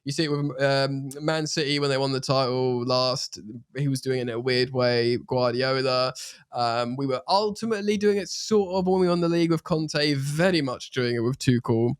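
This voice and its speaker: An animated man from England talks football on a podcast with casual energy and the odd swear. His voice sits mid-range and sounds close, with no room around it. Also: mid-range voice, normal speed, smooth, no echo. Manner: animated, swears freely, puts on playful accents. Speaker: podcast co-host.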